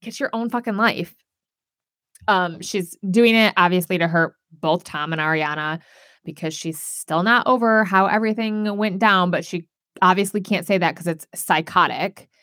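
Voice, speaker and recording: A woman co-hosting a podcast, recapping a reality show in casual chat, talking fast and loose with lots of fillers and swearing. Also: lowish voice, pushed and bright, no echo, clean studio sound. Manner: chatty, swears, many "like" fillers.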